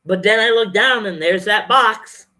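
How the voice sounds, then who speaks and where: Speaking at a measured pace, this vlogger's bright, forceful, ordinary-pitched voice fills a casual livestream from home, directed at viewers through a camera or webcam. The talk is off the cuff, with false starts and frank profanity.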